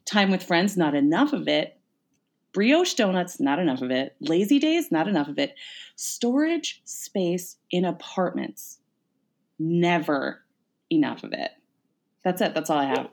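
A woman's voice: fairly low pitch, sing-song, measured pace, vocal fry. A woman co-hosting a podcast, ranting in casual chat and swearing freely. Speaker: podcast co-host.

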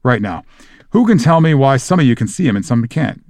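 A hearty half-giant schoolteacher, as a man reads him aloud, proud of his creatures and patient with frightened pupils. His folksy talk sits at a middling pitch. The recording is close and dry, with no room around it. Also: animated, fairly quick, darkish tone, dry recording, close to an everyday voice. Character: big gentle male half-giant teacher, proud, patient.

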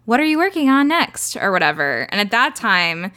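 A woman's voice: mid-range voice, very animated, normal speed, bright, forceful tone. A woman hosting a podcast, asking playful, teasing questions in casual chat. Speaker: podcast host.

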